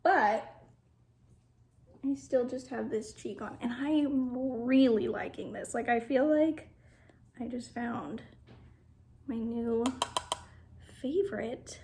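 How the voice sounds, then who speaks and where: Young woman beauty vlogger doing makeup first impressions at home, gushing and often whispering, slightly high voice. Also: slow pace, pauses often, a little mellow. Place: home, at a mirror.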